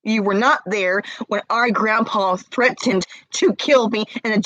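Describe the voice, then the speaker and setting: Slow, tearful woman confronting someone. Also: mid-range voice, fairly bright tone, dry recording, dull audio. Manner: confrontational, repeated pointed questions. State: crying. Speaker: vlogger. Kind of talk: emotional direct-to-camera rant.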